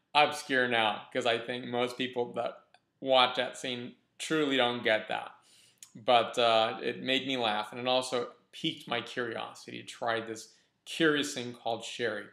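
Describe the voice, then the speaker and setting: A man hosting a casual wine review vlog, talking in a relaxed, enthusiastic way with frequent restarts. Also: mid-range voice, gravelly. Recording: roomy echo.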